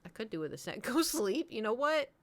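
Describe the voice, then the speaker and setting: A woman's voice: on the high side, sing-song, brisk. A woman in her thirties, chatting casually to her live stream audience and rambling through stories with frequent laughs. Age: 30s.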